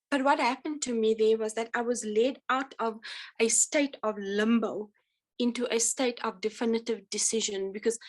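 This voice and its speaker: A woman giving an earnest, halting personal testimony at a church support meeting, speaking with feeling and frequent pauses. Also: medium pitch, rough recording. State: emotional. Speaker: speaker sharing her testimony.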